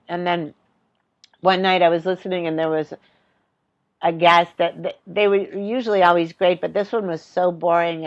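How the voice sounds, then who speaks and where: A woman in her fifties is a podcast guest who tells her stories with animation. She acts out the voices she quotes, swears freely and laughs often. Her voice sits a little low, and the sound is slightly dull. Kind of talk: casual chat.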